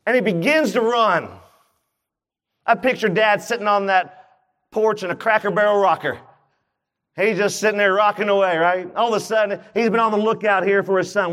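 High-voiced male preacher acting out scripture. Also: a little fast. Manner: acts out the story's voices with rising excitement. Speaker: pastor. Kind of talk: sermon.

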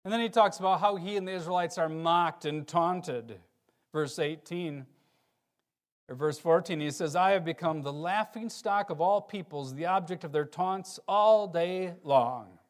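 Preaching without hurry, this pastor reads from scripture and moves back and forth between booming emphasis and soft, low stretches.

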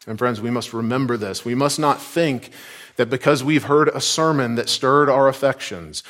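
A man from Georgia preaching a sermon. He talks in an earnest, emphatic way and lets his lines drop low and soft at the ends. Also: normal speed.

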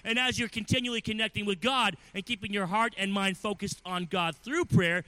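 Thirty-something guy preaching, high bright voice, earnest, swings from soft to loud. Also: rough recording. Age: 30s. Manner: earnest, builds from quiet to loud emphasis. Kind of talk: sermon.

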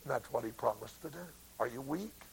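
A man preaching a sermon, slow and dramatic, swinging between hushed lines and loud ones. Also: mid-range voice, animated, gravelly, slightly rough.

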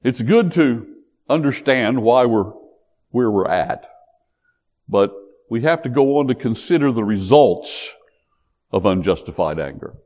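A man preaching a sermon in an animated, emphatic way. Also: mid-range voice, unhurried, pauses often. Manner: animated, emphatic, acts out quotes.

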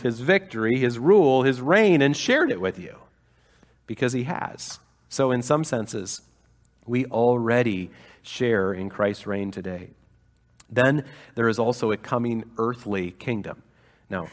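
A man delivers a sermon in a lowish voice, moving from easy conversational explanation to fervent, emphatic passages. His voice carries a long reverb, as if spoken in a large hall. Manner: conversational preaching with fillers, rising to fervent emphasis. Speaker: pastor.

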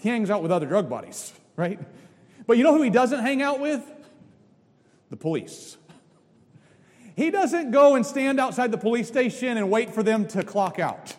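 A middle-aged male pastor delivering a sermon, emphatic, with sudden swings between loud and soft. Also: very high-pitched, very animated, moderate pace. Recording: long reverb of a large hall.

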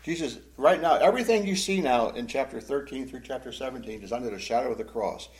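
Animated man teaching the Bible. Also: medium pitch, fast. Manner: animated, acts out quotes.

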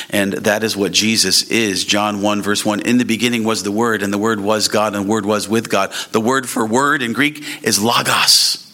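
A man delivers a sermon from the pulpit in a bright, forceful voice. He preaches earnestly, and his pitch jumps when he drives a point home. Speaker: pastor.

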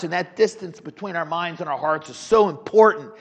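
A middle-aged man teaching a Sunday school class, animated, with rhetorical questions and frequent restarts. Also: on the high side, a little fast. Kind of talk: Bible teaching. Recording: dull lo-fi sound with long hall reverb.

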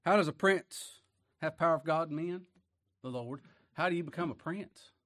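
Speaking at a normal pace, a preacher gives a folksy sermon peppered with rhetorical questions. He swings from loud statements to low, quiet asides.

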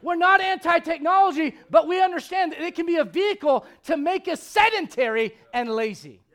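A male pastor preaching a blunt, confrontational sermon, swinging from loud outbursts to hushed intensity. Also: extremely high pitch, animated, brisk.

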